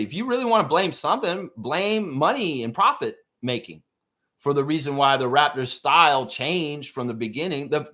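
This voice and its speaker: A man hosting a casual live basketball fan stream, his pitch swinging widely as he gets worked up. He rants and swears without holding back, talking straight to his viewers. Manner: animated, ranting, swears freely. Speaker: podcast host. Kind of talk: casual live sports chat.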